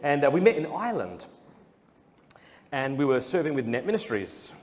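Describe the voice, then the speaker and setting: A man's voice: a little high, sing-song, moderate pace, pauses often, crowd noise. A man with an Australian accent telling funny stories in a jokey, self-deprecating way with frequent chuckles. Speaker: speaker. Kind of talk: humorous storytelling talk. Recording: long hall reverb, faint noise.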